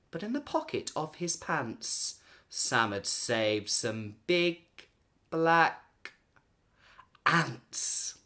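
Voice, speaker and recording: A woman reading a children's picture book aloud, expressive, with dramatic pauses and hushed gasps. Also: rumbling low. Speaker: children's storyteller.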